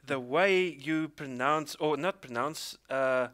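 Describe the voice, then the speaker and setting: Bright-voiced South African man interviewing. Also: a little high, slow. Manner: chatty, hesitant with fillers. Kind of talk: casual interview.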